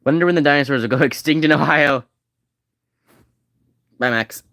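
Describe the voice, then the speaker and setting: A man's voice: a little high, gravelly, fairly bright tone, no room sound. Dry-voiced man chatting over a game. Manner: rambling, reads game text aloud fast. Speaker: game streamer. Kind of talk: casual gameplay commentary.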